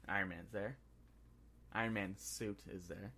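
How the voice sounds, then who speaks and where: Brief: male podcast co-host, lowish voice, excitable scene-by-scene movie recap. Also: creaky, a little hiss or hum. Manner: excitable scene-by-scene recap, dropping into quick impressions. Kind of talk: casual movie review chat.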